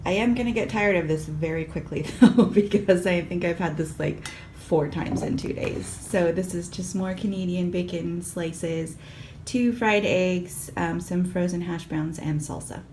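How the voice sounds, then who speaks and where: Woman from california vlogging her meals, lowish voice, lots of um and like, chatty. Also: a little slow, a little mellow, slight background noise. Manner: chatty, self-deprecating, many ums and likes. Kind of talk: casual food diary vlog.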